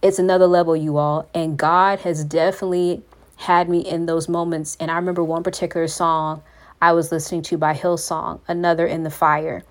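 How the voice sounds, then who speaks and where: A woman's voice: fairly low pitch, level tone, a little fast. A woman hosting a faith podcast, talking in an earnest, preachy way and calling her listeners "you all". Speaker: podcast host.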